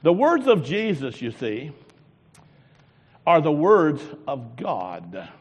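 A man preaching a sermon, swinging from loud exclamations to low murmurs and asking the congregation rhetorical questions. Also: sing-song, slow, breathy edge. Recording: long hall reverb.

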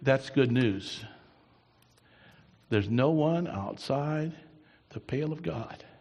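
A man preaching a sermon as a pastor, telling stories that swing from soft asides to loud, emphatic bursts, recorded in a church. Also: medium pitch, lively intonation, slow pace. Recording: long reverb in a hall.

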